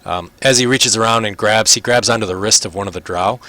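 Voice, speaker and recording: A man's voice: on the low side, sharp tone, dry recording. A man running a tabletop game as game master, narrating casually with lots of fillers. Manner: easygoing, many fillers, quick voices for figures.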